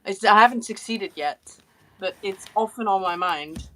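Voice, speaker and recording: A woman's voice: medium pitch, normal speed, a bit bright. A woman co-hosting an art livestream, explaining things in a rambling, hesitant way with many fillers. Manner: hesitant, rambling, lots of ums. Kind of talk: casual chat while painting.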